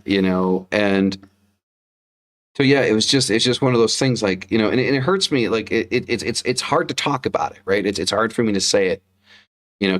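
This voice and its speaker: Low-voiced man, candid and profane. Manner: candid, heavy swearing, repeats himself. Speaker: podcast co-host, father. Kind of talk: casual livestream chat.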